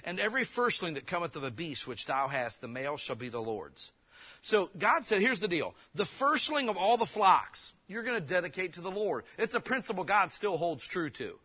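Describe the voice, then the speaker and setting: Bright-voiced preacher with twang. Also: male voice, high-pitched, big pitch swings, breathy edge. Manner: casual, joking preaching with emphatic bursts; reads King James verses slowly. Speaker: pastor. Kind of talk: sermon.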